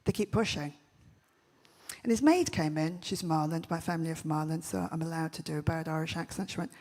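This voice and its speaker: A brash woman gives a comic keynote on a large festival stage, telling punchy stories laced with quick jokes. Her stage voice is husky, low-pitched and a little mellow.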